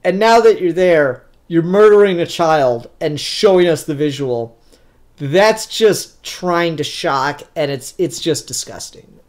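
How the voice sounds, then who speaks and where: Ranting, profane young man. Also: on the high side. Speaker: comic book reviewer. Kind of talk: casual spoken review.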